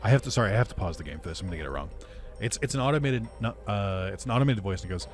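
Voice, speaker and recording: A man's voice: lowish voice, lively intonation, rapid-fire. A man casually telling a long, sarcastic story while playing a video game, swearing often and laughing between lines. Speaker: gaming YouTuber. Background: game music.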